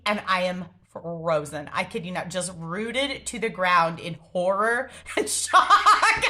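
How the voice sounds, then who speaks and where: Giggly high woman laughing to tears. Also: bright, forceful tone. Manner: giggly, laughs through her words. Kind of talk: casual storytelling to camera. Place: parked car in a grocery store lot.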